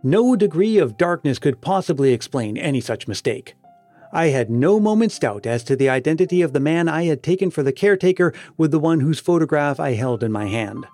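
A man reading a story aloud as narrator, in a measured way that slows for emphasis. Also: on the high side, animated, darkish tone, faint music behind. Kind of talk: audiobook narration.

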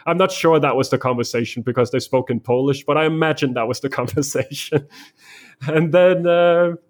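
A man's voice: on the high side, a little fast. A man from Denmark, a guest in a conversation, telling a story vividly in the present tense.

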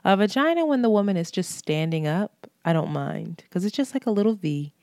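A woman co-hosting a podcast, chatting casually, frank and giggly and quick to swear. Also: medium pitch, expressive, dark tone, no room sound, studio quality. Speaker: podcast co-host. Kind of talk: casual chat.

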